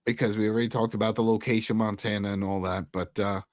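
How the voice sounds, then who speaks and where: A man co-hosting a casual TV recap, speaking in a relaxed, conversational way as he speculates about the episode. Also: on the low side, quick pace, dry recording, studio quality. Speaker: podcast co-host.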